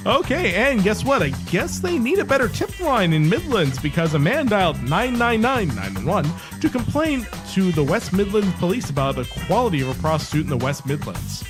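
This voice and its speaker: A man co-hosting a podcast, blunt and animated, swearing freely in casual political chat. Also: sits high, moderate pace, hardly any pauses, music in the background. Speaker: podcast co-host.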